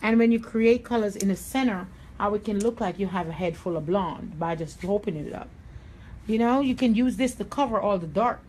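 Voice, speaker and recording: A middle-aged hairstylist and salon owner with a New York accent teaches a haircut tutorial on a live stream. Her medium-pitched, darkish voice moves fairly quickly over a little hiss or hum, and she's blunt, confident, and streetwise, using Southern-tinged slang.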